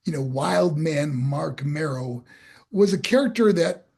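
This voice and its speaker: An older man in his sixties, a former pro wrestler, appears as an interview guest telling stories from his career. His crackly voice is on the high side, gravelly and slightly rough, and a little slow. He's an animated storyteller who acts out what people said.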